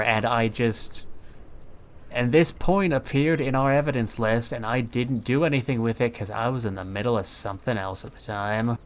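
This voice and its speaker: A man with a mid-range voice streams a game at a moderate pace, chatting with his viewers. His casual commentary is sarcastic and joking, aimed straight at chat.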